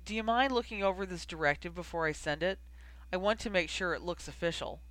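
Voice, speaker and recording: A narrator voicing a gentle, curious young man. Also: medium pitch, brisk, no room sound, lightly acted.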